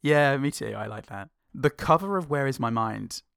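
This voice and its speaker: A man's voice: medium pitch, expressive, normal speed, gravelly, fairly bright tone, clean tone, no room sound. A man co-hosting a casual film review podcast, laid-back with dry jokes.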